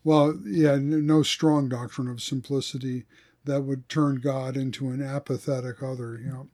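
A man, a theologian, talking through ideas in a thoughtful podcast discussion and reading quotes slowly. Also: mid-range voice, level tone, warm tone.

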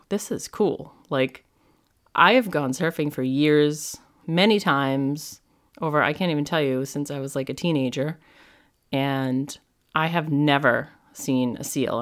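A woman with a strikingly low, deep voice talks through her own podcast episode. She rambles loosely and casually, and fills her sentences with "like" and "you know". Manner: chatty and rambling, heavy use of "like". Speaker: podcast host and medium. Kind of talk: casual solo podcast monologue.

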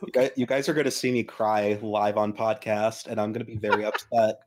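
A man co-hosting a casual comedy podcast, grumbling with exasperated, deadpan complaints. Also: lowish voice, brisk, slight background noise. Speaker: podcast co-host.

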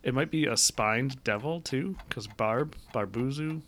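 A man's voice: medium pitch, measured pace, a bit bright, slight background noise. A man playing a trivia game with friends, rambling through his reasoning with dry sarcasm. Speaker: quiz contestant. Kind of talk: casual game chat.

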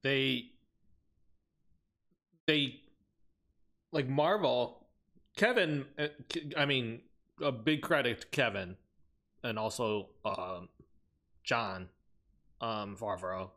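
A man in a casual chat, talking in a slow, laid-back drawl. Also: medium pitch, fairly bright tone.

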